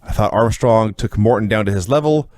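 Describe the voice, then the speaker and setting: A man co-hosting a wrestling review show, chatting casually and recounting matches with animated storytelling. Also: lowish voice, fairly quick, no room sound, clean studio sound. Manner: animated storytelling, quoting others with put-on voices. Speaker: podcast co-host reviewing wrestling.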